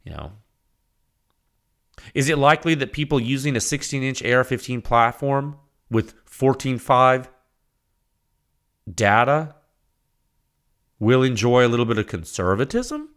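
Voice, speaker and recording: A man hosting a solo podcast, talking in a rambling, conversational way with repeated words and quick asides. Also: medium pitch, expressive, a bit bright. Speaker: podcast host.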